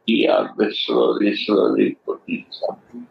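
A man speaking as a guru, teaching slowly with emphatic devotional statements, on a dull lo-fi recording. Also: fairly low pitch, huge pitch swings, vocal fry, background noise.

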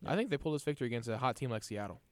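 A man leads a casual sports chat in an upbeat, chatty way. He is a little under the weather. His voice sits at an ordinary pitch and sounds dry and close to the mic. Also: animated, very fast, no room sound.

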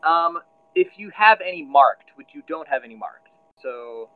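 A man runs a tabletop role-playing game as game master, spinning the scene with plenty of fillers and restarts. His voice sits fairly high and swings widely in pitch. The recording sounds a bit muffled. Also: animated, moderate pace, clean tone. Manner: storytelling with frequent fillers and restarts.

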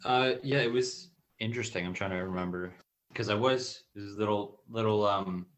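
A man's voice: fairly low pitch, moderate pace, rough recording. A man on a podcast, hesitant and self-mocking as he tries to remember. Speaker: podcast editor and guest. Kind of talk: casual podcast chat.

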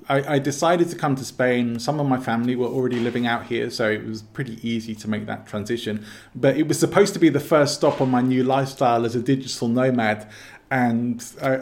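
A man with an English accent, explaining his views as an interview guest in a calm, measured way. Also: medium pitch, slight background noise. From England. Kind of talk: casual interview talk.

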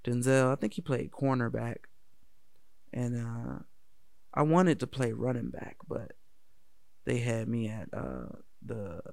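Gravelly dc guy telling an old story, laid back, swears a lot, laughs, dry sound. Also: medium pitch, a little mellow, no echo. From Washington, D.C. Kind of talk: casual personal storytelling.

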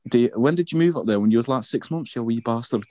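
Fast-talking teasing young man. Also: mid-range voice, lively intonation, dark tone, no echo. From North London. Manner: teasing, swearing, repeats insults. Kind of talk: casual banter.

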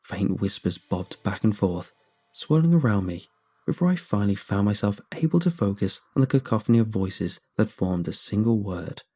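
Husky mellow horror story narrator. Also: male voice, lowish voice, lively intonation, moderate pace. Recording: faint background music.

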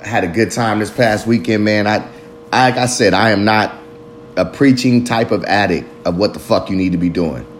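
A man's voice: fairly low pitch, moderate pace, slight background noise. A man hosting his own podcast, talking loosely and reflectively in street slang with lots of swearing and rambling asides. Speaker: podcast host. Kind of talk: casual solo podcast monologue.

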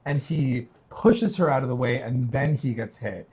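A woman's voice: extremely low pitch, animated, normal speed, a little mellow, slightly rough. A woman co-hosting a casual chat, animatedly retelling a story and acting out quotes in shifting voices. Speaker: podcast co-host recapping a TV episode.

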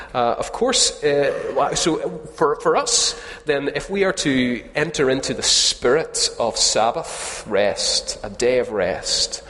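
A man delivers a sermon in an easy, joking, conversational way, turning to put questions to the congregation. His voice sits at a middle pitch for a man. A long reverb trails after each phrase, as in a large church hall. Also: a bit bright, a little hiss or hum. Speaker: preacher.

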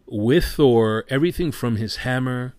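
A man's voice: mid-range voice, measured pace, darkish tone, no room sound. A man giving a casual spoken movie review, passionate and rambling, who swears freely.

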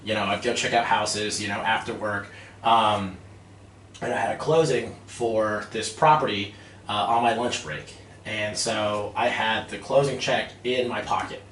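A man in his thirties telling a lively story about his army days, acting out quotes and laughing often. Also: fairly low pitch, unhurried. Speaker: guest, army veteran turned real estate investor. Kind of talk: casual storytelling interview. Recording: roomy, distant mic with faint noise.

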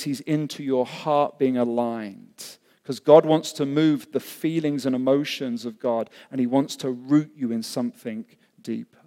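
A man preaching a sermon to his congregation, impassioned, swinging between loud cries and hushed lines. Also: medium pitch. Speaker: pastor. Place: church hall. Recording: long reverb of a large hall.

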